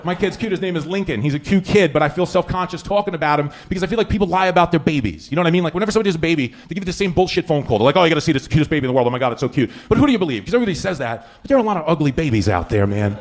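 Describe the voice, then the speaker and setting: A man's voice: a little high, expressive, rapid-fire, few pauses. A man, a parent, doing a punchy stand-up set in a live club. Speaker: stand-up comedian.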